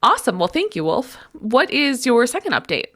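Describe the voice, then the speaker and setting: A woman's voice: a little high, big pitch swings, normal speed, fairly bright tone. A woman co-hosting a podcast in casual chat, a little congested, reacting with enthusiastic gasps and exclamations. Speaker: podcast co-host.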